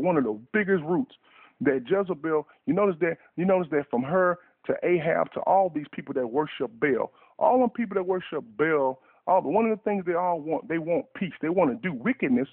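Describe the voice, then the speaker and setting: A fervent sermon comes through talk radio from a man whose voice is somewhat high, husky, and gravelly, as he piles up and repeats words in urgent bursts. It sounds dry and tinny, phone-line style, without any room sound.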